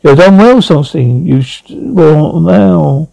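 A man's voice: on the high side, lively intonation, takes it slowly, gravelly, mellow, no room sound, exaggerated voice, rough recording. A man reading the part of a sinister possessed master who gives cold commands. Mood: commanding.

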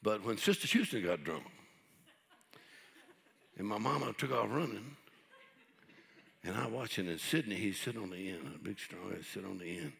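A middle-aged man pastor preaching a sermon, telling folksy stories and building up to shouted preaching. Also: on the low side, expressive, normal speed, gravelly, pauses often.

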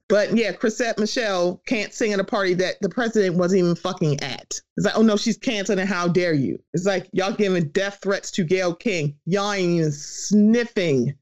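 A podcast host in a loose, opinionated conversation. The voice sits at a middling pitch and talks with a lot of swearing. It keeps jumping into mock voices to act out what other people say. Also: highs cut off. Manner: animated, profane, acts out quoted voices. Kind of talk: casual opinion chat.

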